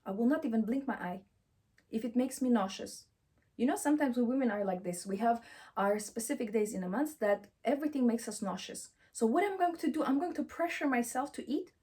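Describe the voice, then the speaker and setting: A woman's voice: on the high side, brisk, dark tone, slightly rough. A woman giving a motivational self-help talk, emphatic and affirming, who repeats encouraging phrases and speaks English with slightly non-native grammar.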